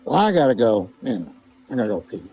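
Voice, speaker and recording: A man's voice: medium pitch, sing-song, fast talker, warm tone, breathy edge, voice pushed down, low-quality recording. A man quoting an elderly southern farmer who talks in a folksy, exclamatory drawl. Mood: chatty.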